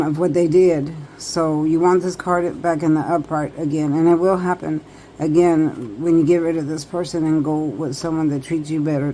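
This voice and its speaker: A woman's voice: sits low, dark tone, a little hiss or hum, rough recording. A woman tarot reader talking directly to viewers in a casual, emphatic, repetitive way. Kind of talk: casual advice monologue to viewers.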